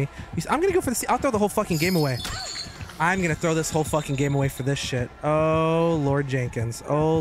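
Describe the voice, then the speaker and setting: A man giving joking, excitable commentary while streaming gameplay, often breaking into high shouts. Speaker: gaming streamer.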